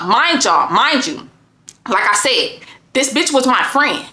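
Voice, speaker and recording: A woman telling a personal story to viewers in a casual, profane and animated way. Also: on the high side, takes it slowly. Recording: roomy echo.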